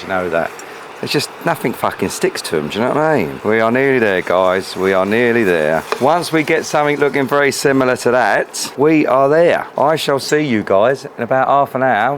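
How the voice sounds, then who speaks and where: A man's voice: mid-range voice, a bit bright, slight background noise. A man chatting cheerfully as he cooks outdoors, joking and swearing a lot. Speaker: cooking vlogger. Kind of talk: casual cooking chat to camera. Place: outdoors at a grill.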